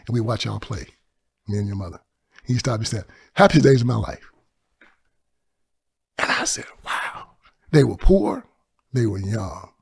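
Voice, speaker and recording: A man from Tennessee, talking in a preaching style, moving from loud emphasis to hushed storytelling. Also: mid-range voice, vocal fry, breathy edge. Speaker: guest.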